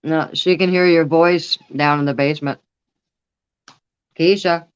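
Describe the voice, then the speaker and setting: A woman's voice: low-pitched, fairly even intonation, measured pace, clean tone. Woman chatting on a dull lo-fi recording. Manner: coos and baby-talks to her dog. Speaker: paranormal investigator. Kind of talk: casual chat while filming.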